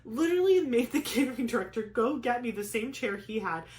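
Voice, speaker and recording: A young woman chatting casually, telling a personal story with lots of "like" fillers and animated retelling. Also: fairly high pitch, fairly quick, reverberant. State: pregnant. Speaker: craft vlogger.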